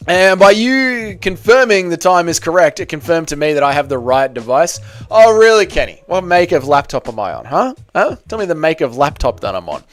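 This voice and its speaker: A man's voice: a little high, big pitch swings, normal speed, a bit bright, faint music behind. An Australian man hosting a livestream, casually reading out viewer comments and answering them with teasing banter. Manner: joking, bantering, teasing chatters. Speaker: livestream host.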